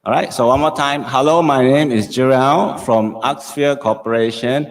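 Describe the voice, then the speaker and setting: A man's voice: medium pitch, moderate pace, hardly any pauses. A middle-aged man with a Singaporean English accent, teaching a live-streamed Japanese lesson, repeating phrases and checking in with "okay?" often.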